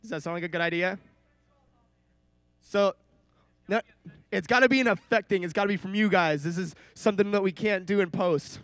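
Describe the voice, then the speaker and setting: A man's voice: high voice, brisk, pauses often, a bit bright. A man leading an audience at a convention panel in a large hall, playful and coaxing. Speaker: panel host leading the crowd. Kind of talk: live crowd direction at a convention panel.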